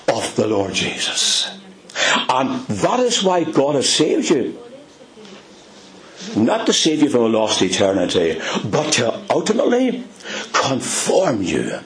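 An older man preaching a sermon, telling stories and stressing words with big rises and low drops. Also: a bit bright, low-quality recording.

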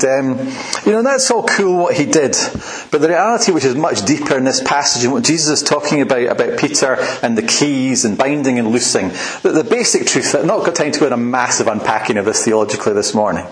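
A man preaching a sermon in a relaxed, chatty way, often laughing at his own asides. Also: medium pitch, a little fast, hardly any pauses, echoey room, slight background noise, poor audio. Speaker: pastor.

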